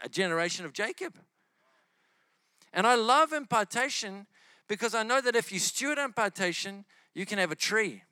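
A man with a New Zealand accent, preaching as a guest and telling testimony stories in a lively way. He acts out the dialogue in his stories. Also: high voice, no echo. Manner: lively storyteller acting out quoted dialogue.

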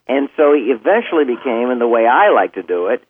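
A man, a voice actor, chatting casually as a podcast guest, telling stories in an animated, joking way. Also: medium pitch, quick pace. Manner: animated storyteller, joking and self-deprecating. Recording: tinny phone-like remote line.

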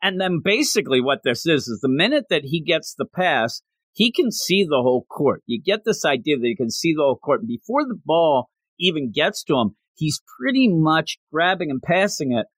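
A man talking casually on a podcast, with a lively voice that rises and falls a great deal. He retells scenes with energy and slips briefly into other voices to act out the characters. The sound is dry and close, with almost no room echo. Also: a little high. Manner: animated storytelling, acting out characters' lines in quick voices. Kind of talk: casual chat recapping a basketball anime.

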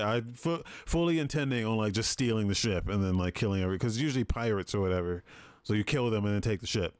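A man's voice: fairly low pitch, quick pace, smooth, no echo. A young man on a gaming podcast, telling a game story casually and swearing freely. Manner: swears a lot, animated storytelling. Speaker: podcast co-host.

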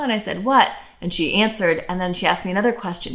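A woman's voice: on the low side, fast, gravelly. Parenting podcast woman, chatty. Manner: warm conversational, acts out quoted parent lines. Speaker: co-host. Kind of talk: casual parenting advice chat.

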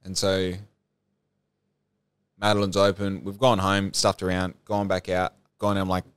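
Young man, podcast host, low-pitched, smooth and rambling, animated storyteller, close dry mic. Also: unhurried, no room sound. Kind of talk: casual chat.

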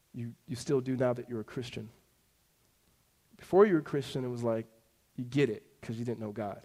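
A man in his thirties preaching a sermon to his congregation in a conversational way, dropping to a hush and then rising to emphatic points. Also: medium pitch. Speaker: pastor.

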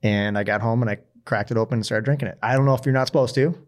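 A man's voice: medium pitch, very fast. A man hosts a casual podcast in an ordinary mid-range voice. He tells his stories with animation and acts out what other people said. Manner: animated storyteller, acts out quotes. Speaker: podcast host. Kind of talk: casual chat, storytelling.

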